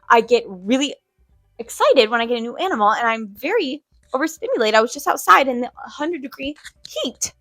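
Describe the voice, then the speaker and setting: A woman's voice: high voice, very animated, fairly quick, fairly bright tone, dry recording. A young woman from Arizona chatting casually to viewers in a pet vlog, rambling with fillers and often a little out of breath. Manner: chatty, rambling, with many fillers and self-corrections. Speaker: pet vlogger.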